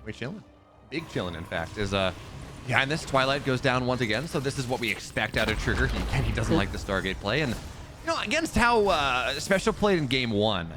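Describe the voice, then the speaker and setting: A man casting a live strategy game match, chatty and self-mocking, rising with excitement on plays. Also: mid-range voice, a little fast, music in the background. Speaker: esports caster.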